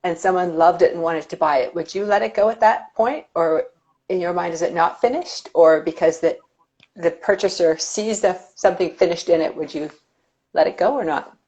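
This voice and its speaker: A woman's voice: lowish voice, moderate pace, darkish tone, poor audio. A woman hosting a casual conversation with an artist, reflective and thinking aloud. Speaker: host. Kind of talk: casual conversation about art.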